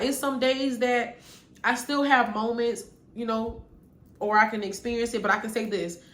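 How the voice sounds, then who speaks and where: A young adult woman talks to camera in an earnest, casual story-time vlog, repeating phrases for emphasis. Her voice is medium-pitched and a bit bright. The recording has an echoey room and a faint background hum.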